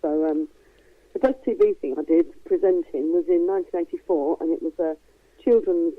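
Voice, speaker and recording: A middle-aged woman with a softened East London accent talks in a frank, chatty way, laughing easily. She comes through a tinny phone-like line. The sound is dry, with no room around it. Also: on the low side, normal speed, dry recording. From East London, England. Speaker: guest. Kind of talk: casual chat.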